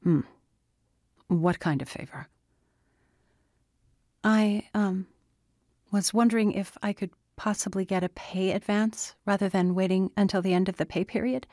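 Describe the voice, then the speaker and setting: A woman's voice: lively intonation, normal speed, darkish tone, no room sound, clean studio sound. A woman voicing a nervous young woman new on the job, pleading in a lifted voice. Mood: anxious. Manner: higher, anxious pleading.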